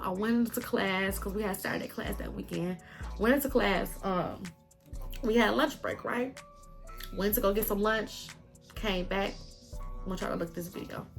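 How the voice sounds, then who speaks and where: Tearful and crackling, a young vlogger tells her viewers, whom she often addresses as "y'all," a heartfelt personal testimony. She speaks in a mid-range, gravelly voice.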